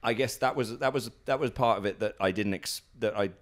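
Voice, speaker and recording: A British man with a lowish voice speaks fairly quickly at his house. He's a professional wrestler appearing as a guest in a casual interview, telling stories in a rambling way with lots of fillers and restarts while acting out what people said.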